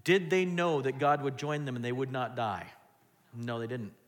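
Preaching at a moderate pace with a steady tone, a male pastor with a mid-range voice moves back and forth between forceful, loud lines and hushed asides. When quoting others, he acts out their voices loudly.

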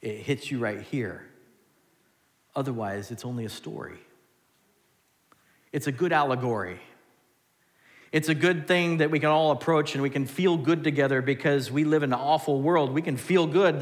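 A man preaching a sermon as pastor, animated, swinging between loud and hushed. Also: medium pitch, moderate pace, long pauses. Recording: long hall reverb.

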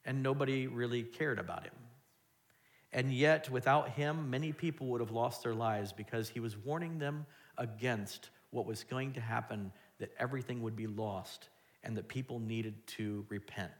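In this sermon, a man with a mid-range voice preaches at a moderate pace. His delivery swings from loud, emphatic statements to quiet asides, and he performs quoted voices in a raised tone.

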